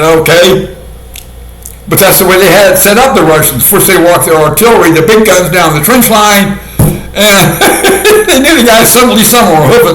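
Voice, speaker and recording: A man giving a casual monologue commentary in a sardonic way, laughing often at his own dark jokes. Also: high-pitched. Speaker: video commentator. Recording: echoey room.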